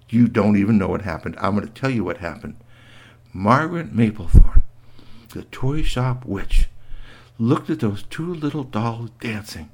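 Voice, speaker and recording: A man telling an improvised story to a child, animated and playful, swinging from squeals to hushed tones. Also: on the low side.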